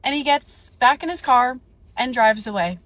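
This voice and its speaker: Young woman, casual storytelling rant, indignant, slightly high voice. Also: normal speed, soft background music. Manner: animated, indignant, acts out dialogue. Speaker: storyteller vlogger.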